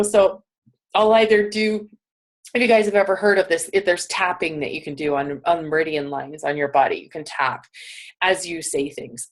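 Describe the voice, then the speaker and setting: A woman's voice: medium pitch, husky. A middle-aged woman talking casually to her viewers, chatty and enthusiastic, often laughing between thoughts. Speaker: vlogger and session facilitator. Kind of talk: casual talk to camera.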